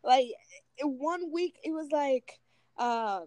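An excitable woman co-hosting a chatty podcast, her voice pitched a little high and recorded close and dry. She rambles through stories and laughs often. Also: takes it slowly, no room sound. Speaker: podcast co-host. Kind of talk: casual chat.

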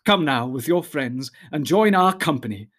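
A man voicing an ancient noble male elf leader who speaks slowly and solemnly. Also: on the high side, expressive, fairly bright tone. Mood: stately. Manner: slow, stately, solemn speech.

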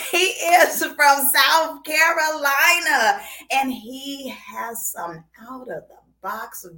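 A woman's voice: medium pitch, creaky, sharp tone. A woman hosting a chat show, bubbly and playful, laughing often and breaking into song. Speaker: podcast host.

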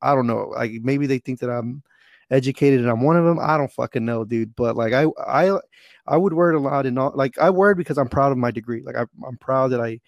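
A man's voice: medium pitch, fairly quick, vocal fry, dry recording, clean studio sound. A young man from Texas telling a rambling, profane story in casual podcast chat. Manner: rambling, profane, animated retelling.

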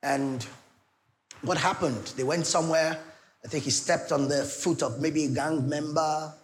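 A middle-aged Nigerian pastor preaching with a slightly high voice. He moves from loud, emphatic declarations to soft, coaxing asides and questions to the congregation. A faint hiss sits under the recording. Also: fairly even intonation, a little slow. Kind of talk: sermon.

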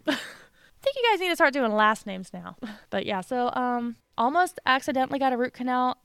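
A woman co-hosting a podcast in casual chat, telling a story with animated quoted voices and frequent laughter. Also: high voice, moderate pace, clean tone, dry recording. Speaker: podcast co-host.

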